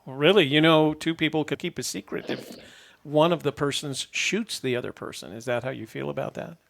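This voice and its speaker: Gravelly-voiced man hosting a call-in show. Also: fairly high pitch, a little fast. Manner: easygoing, rambling with fillers. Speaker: host.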